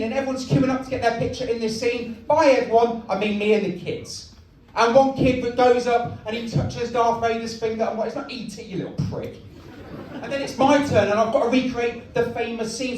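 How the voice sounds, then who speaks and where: A young man doing a stand-up comedy set in a comedy club, deadpan and self-mocking. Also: very high-pitched, slight background noise. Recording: echoey club from far off.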